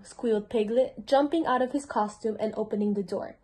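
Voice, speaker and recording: A woman's voice: on the high side, fairly quick, mellow. A teenage girl reading a children's storybook aloud as a mentor, sometimes stumbling and restarting words. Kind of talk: children's book read-aloud.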